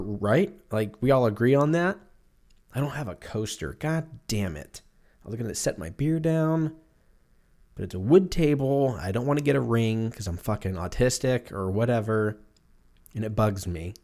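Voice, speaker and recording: This podcast host is a man in his thirties whose voice sits on the low side with a darkish tone. Alone at the mic with a beer, he rambles casually, telling loose, profane, jokey stories.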